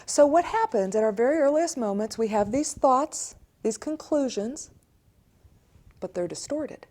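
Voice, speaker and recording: American woman counselor teaching about thoughts and feelings, really expressive voice that jumps around, does little voices for kids and parents. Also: high-pitched, a little slow. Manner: animated, acts out children and parents in quoted voices. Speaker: church director of community, counselor. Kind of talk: teaching talk to camera.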